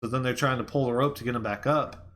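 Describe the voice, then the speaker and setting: A man's voice: medium pitch, fairly even intonation, fast, fairly bright tone. A man giving a casual movie review, retelling the plot in a rambling way with fillers and restarts.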